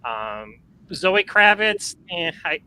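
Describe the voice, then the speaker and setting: Bright, rambling man in casual chat. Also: high voice, slow pace, smooth, low-quality recording. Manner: rambling, animated, many fillers and restarts. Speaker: podcast guest. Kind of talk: casual movie discussion.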